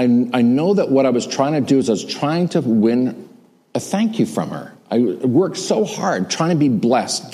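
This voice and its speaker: A man's voice: lowish voice, a little mellow. A middle-aged male pastor preaching a sermon and leading a prayer in an emphatic, repetitive cadence.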